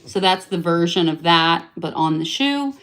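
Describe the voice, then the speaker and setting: A woman's voice: lowish voice, expressive, normal speed, a bit bright. A young adult woman showing off a craft project in a casual vlog, chatty and rambling, often correcting herself mid-sentence, playfully self-mocking. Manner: enthusiastic and self-mocking about her detail. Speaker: craft vlogger. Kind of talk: casual show-and-tell.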